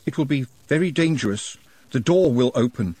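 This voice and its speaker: A man's voice: medium pitch, animated, normal speed, darkish tone, slightly rough, no echo, pitched above the performer's own voice. A man voicing a feverish, oddly precise young man who speaks formally.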